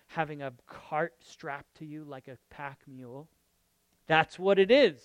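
Smooth-voiced pastor, dry close sound. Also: male voice, on the high side, dry recording. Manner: swings from loud emphatic lines to quiet murmured asides; checks in with the audience, asking okay and right. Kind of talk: conversational sermon.

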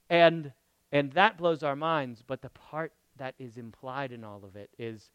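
A man preaching a sermon. He speaks expressively, repeats phrases for emphasis, and swings from loud declarations to near whispers. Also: mid-range voice, fairly even intonation, measured pace, smooth, no room sound. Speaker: pastor.

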